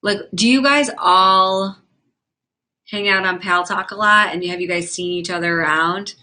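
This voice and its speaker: A woman's voice: mid-range voice, bright, forceful tone. A young woman hosting a livestream, chatting casually and frankly with viewers and reacting to their comments. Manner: chatty, quick, frank and profane, reacts to chat. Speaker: livestream host and comedian.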